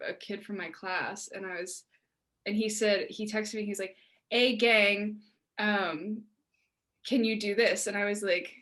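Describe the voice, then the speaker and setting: A young woman from Pittsburgh co-hosting a casual podcast, telling stories with acted-out quotes. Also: mid-range voice. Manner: animated storytelling with acted-out quotes and laughs. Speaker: podcast co-host. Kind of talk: casual chat.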